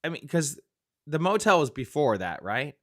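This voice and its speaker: A man co-hosting a casual movie podcast, talking in an excitable, exclamatory way. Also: a little high, moderate pace, crowd noise. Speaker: co-host.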